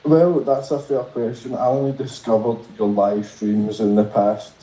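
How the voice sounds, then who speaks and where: A man's voice: medium pitch, normal speed, warm tone, roomy sound, dull audio. A man calling into a livestream, hesitant at first and then wry and argumentative. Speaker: caller. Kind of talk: phone call into a livestream.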